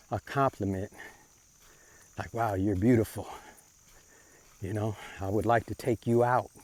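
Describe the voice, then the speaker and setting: Man, lowish voice, self-styled prophet, plain-spoken monologue, informal grammar, repeats himself, unhurried. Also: a little mellow. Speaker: self-described prophet giving commentary. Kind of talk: monologue on faith and social issues.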